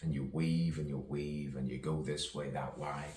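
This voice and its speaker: A man's voice: a bass voice, little pitch movement, moderate pace, a little mellow. A man, a poet, rambling playfully through an improvised monologue full of rhyming wordplay and chuckles. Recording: roomy, distant mic, faint ambience.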